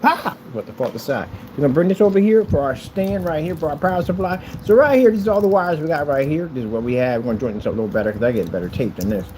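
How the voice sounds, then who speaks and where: Chatty man, lively up-and-down voice. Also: fairly high pitch, a little hiss or hum, low-quality recording. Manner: chatty and boastful, with playful asides. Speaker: maker showing a custom PC build. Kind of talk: casual tutorial vlog.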